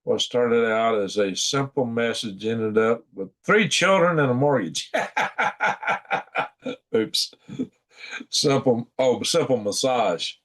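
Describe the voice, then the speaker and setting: A man's voice: medium pitch, animated, slow pace, long pauses, fairly bright tone. A sleepy man, hosting a casual late-night livestream, chuckling and reading chat aloud in a folksy drawl. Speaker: livestream host.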